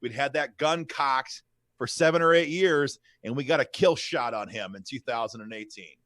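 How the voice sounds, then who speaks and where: A man's voice: mid-range voice, moderate pace, fairly bright tone, no echo. Plain-voiced man recounting, dry sound.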